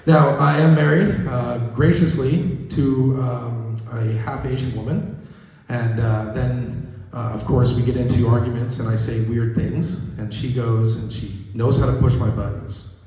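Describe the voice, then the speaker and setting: A man in his thirties doing a stand-up comedy set in a small room, talking in a halting, self-deprecating way with many restarts. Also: medium pitch, steady tone, mellow. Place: small room with a live audience. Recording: echoey room recording. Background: audience laughter.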